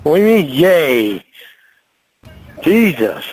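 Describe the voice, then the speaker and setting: A man's voice: on the high side, sing-song, takes it slowly, a little mellow, slightly rough, soft background music, low-quality recording. A man who drives trucks, arguing at home, swearing constantly and stumbling over his words. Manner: profane, rambling, stumbling restarts. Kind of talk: heated domestic argument.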